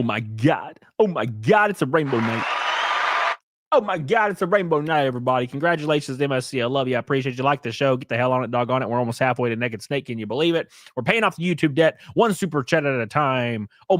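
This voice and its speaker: A man's voice: medium pitch, fast talker, fairly bright tone, dry recording, studio quality. A man hosting a casual livestream, blunt and profane, rambling and reading chat donations aloud. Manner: reads and answers chat donations. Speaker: livestream host.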